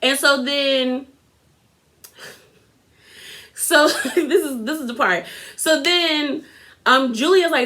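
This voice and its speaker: A woman's voice: sits high, moderate pace, sharp tone. A young woman recapping a reality TV episode in casual, gossipy chat, giving her opinions and talking straight to her viewers.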